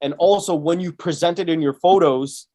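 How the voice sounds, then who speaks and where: A man's voice: fairly high pitch, normal speed, warm tone. A man, a guest on a business podcast, explaining his method step by step in casual talk, full of "right?" and "you know". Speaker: guest, Amazon seller.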